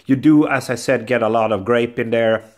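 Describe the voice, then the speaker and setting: A man, talking straight to his viewers as he tastes and reviews a beer. His delivery is chatty and easygoing, full of small hedges and repeated phrases, at an ordinary middle pitch for a man. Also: moderate pace. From Sweden. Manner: chatty, addresses viewers as guys, repeats "I would say". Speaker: beer reviewer, channel host. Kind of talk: casual tasting review vlog.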